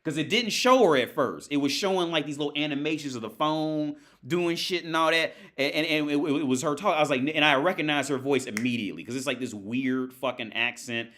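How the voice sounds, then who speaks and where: A man's voice: on the high side, brisk, few pauses, fairly bright tone. A man hosting a casual livestream from home, ranting in a rambling, crude way, full of restarts and filler words. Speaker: livestream host. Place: at home by his TV.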